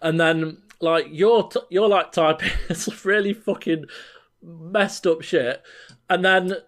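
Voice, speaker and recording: Man, slightly higher-pitched voice, laughs through an animated retelling, casual podcast chat. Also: slow. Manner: laughs while telling a story, trails off and restarts. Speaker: podcast co-host.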